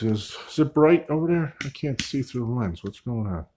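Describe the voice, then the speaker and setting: A man investigating an old store at night, narrating to camera and calling out to spirits, swinging from loud calls to hushed asides. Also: mid-range voice, animated, moderate pace, hardly any pauses. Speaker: paranormal investigator. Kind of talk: solo ghost-hunting vlog narration.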